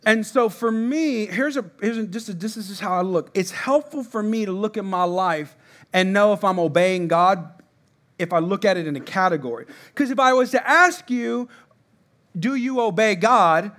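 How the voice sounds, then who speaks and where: A man's voice: sits high, animated, normal speed, fairly bright tone. A middle-aged man preaching a sermon as a pastor, in a conversational way, repeating himself and asking the congregation to respond.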